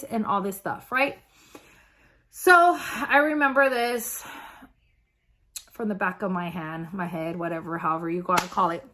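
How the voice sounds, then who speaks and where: A woman vlogger with a fairly low pitch and sharp tone tells a personal story. Her delivery is casual and halting, crowded with fillers and restarts.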